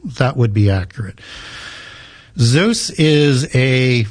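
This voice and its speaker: Appearing as an interview guest, an author and researcher explains ancient myths, lecturing and correcting the host with frequent restarts. His mid-range voice is expressive and slow-paced, with no room sound.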